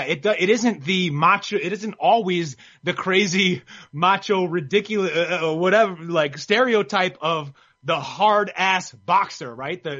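A man co-hosting a boxing podcast in casual chat, talking in an excitable, rambling way with lots of restarts. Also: sits high. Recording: slightly muffled lo-fi mic.

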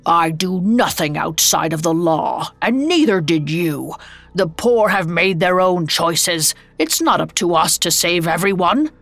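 A woman's voice: on the low side, expressive, unhurried, a bit bright, dry recording, soft background music, exaggerated voice. A woman voicing a miserly, skeptical old businessman who scoffs and brushes things off, in an audio drama reading. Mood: scoffing. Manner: scoffing, stubborn, dismissive.

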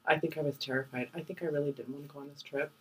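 A middle-aged woman, a mother co-hosting a podcast, speaking softly and reflectively about the past. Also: deep voice, fairly even intonation, rapid-fire, breathy edge. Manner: soft-spoken, emotional, reflective. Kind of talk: casual chat. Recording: distant mic with faint hum.

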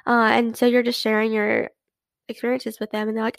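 Young girl rambling on her podcast, lots of vocal fry, kinda high, super dry mic. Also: level tone, brisk, no room sound. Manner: chatty, rambling, many fillers and restarts. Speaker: podcast host. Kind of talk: casual solo podcast chat.

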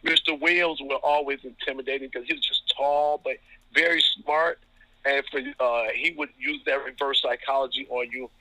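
A man from Ohio, a basketball referee, speaking with a very bright, forceful tone. He tells stories about coaches in a chuckling, chatty way, full of fillers. The sound is dry and close. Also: mid-range voice, steady tone, normal speed, no room sound, low-quality recording. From Toledo, Ohio. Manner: chuckling, anecdotal, lots of fillers. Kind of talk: casual storytelling interview.

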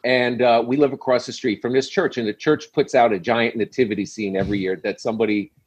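A man's voice: medium pitch, fairly even intonation, fast talker, slightly rough. A middle-aged man, a guest telling a long comic story with punchy, acted-out quotes. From New York City. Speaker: guest comedian. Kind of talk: animated storytelling on a podcast.

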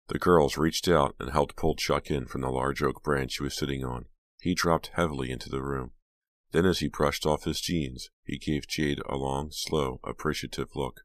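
A man reading a horror audiobook in a steady, measured way. His voice sits extremely low. The sound is bone-dry and close to the mic. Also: no room sound. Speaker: audiobook narrator. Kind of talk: scripted horror audiobook narration.

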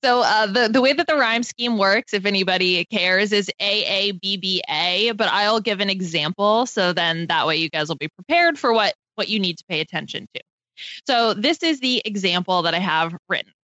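A woman's voice: mid-range voice, normal speed, pushed and bright, no echo. A woman hosts a casual podcast and runs a word game. She laughs often and keeps a playful tone. Her voice sits in a dry, slightly muffled recording. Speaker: podcast host running a game.

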